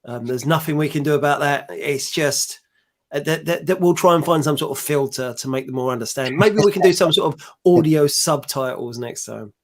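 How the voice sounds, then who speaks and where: Man, from the UK, podcast co-host, somewhat high voice, dry joking banter. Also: a little fast. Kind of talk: casual chat.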